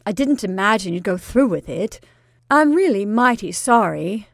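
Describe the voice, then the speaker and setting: A woman voicing a mocking young society girl who talks brightly and insincerely. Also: medium pitch, lively intonation, moderate pace, creaky, no echo, clean studio sound. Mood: falsely sweet. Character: sly, mocking society girl, falsely sweet.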